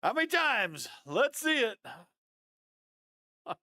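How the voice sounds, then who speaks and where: A man breaking down football game film on a live stream, animated and fired up, talking straight to his viewers. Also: very high voice, takes it slowly, no echo, clean studio sound. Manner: addresses viewers as guys, often adds okay.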